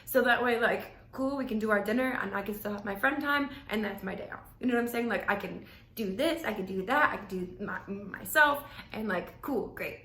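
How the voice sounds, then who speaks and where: Brief: young woman podcast host, rambling storyteller, slightly high and bright, in a roomy echo. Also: fairly quick. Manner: chatty, rambling, heavy use of "like". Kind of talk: casual storytelling.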